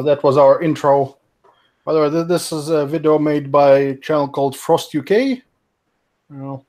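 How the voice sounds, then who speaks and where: A man's voice: fairly high pitch, a little mellow. A man hosting a casual online chat stream, rambling with many fillers and restarts and laughing often. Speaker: stream host.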